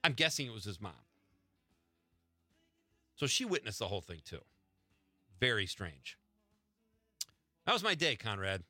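A man's voice: lowish voice, unhurried, pauses often, dry recording, soft background music. A middle-aged man hosting a talk radio show, telling a story with frequent laughs. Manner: animated, laughing anecdotes.

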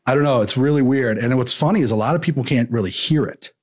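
A man's voice: mid-range voice, fast talker, breathy edge. A man chatting casually as a podcast co-host, rambling and playful. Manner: rambling, playful, slips into mock accents. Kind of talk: casual chat.

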